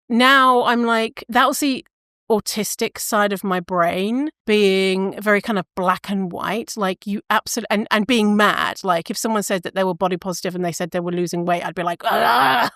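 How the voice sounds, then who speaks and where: A woman's voice: medium pitch, fairly bright tone, dry recording, clean studio sound. A woman hosting a solo podcast, talking casually in long rambling tangents, cutting herself off mid-sentence and swearing now and then. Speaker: podcast host.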